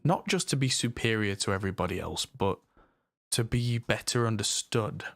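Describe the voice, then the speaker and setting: English man from the north, chatty streamer, rambling mixing engineer, lowish voice, dry close sound. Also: moderate pace, fairly bright tone, no echo. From north of England. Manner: rambling, chatty, self-deprecating. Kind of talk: casual live-stream chat.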